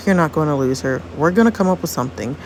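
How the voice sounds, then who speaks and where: A woman voicing a loyal teenage boy who reassures his friend, excitable at times. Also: low voice, fast talker, a little hiss or hum. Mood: supportive.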